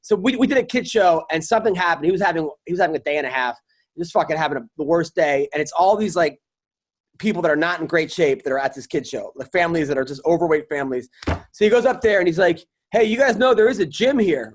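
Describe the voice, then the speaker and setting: A man from New York hosting a podcast, telling swear-laden stories about comedy gigs in a casual, animated way. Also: on the high side, fast talker. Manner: swears freely, animated storyteller who acts out the people in his anecdotes. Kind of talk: casual storytelling chat.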